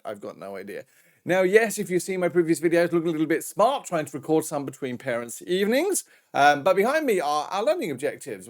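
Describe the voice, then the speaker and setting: A British man teaching a recorded maths lesson in a chatty, jokey way with self-mocking asides. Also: on the high side. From Britain.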